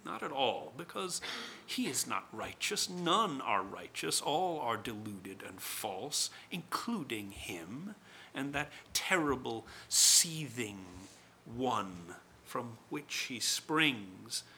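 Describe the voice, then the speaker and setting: Man doing a proud accusing spirit, gravelly, slow, tense edge, scornful monologue. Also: mid-range voice, very animated, bright, forceful tone, a little hiss or hum, exaggerated voice. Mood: indignant. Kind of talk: dramatic first-person monologue.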